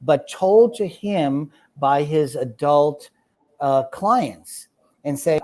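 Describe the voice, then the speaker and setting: A man's voice: on the high side, lively intonation, drawn-out words, a little mellow. A man being interviewed as a guest, explaining his ideas in a reflective, conversational way. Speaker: guest, children's book author.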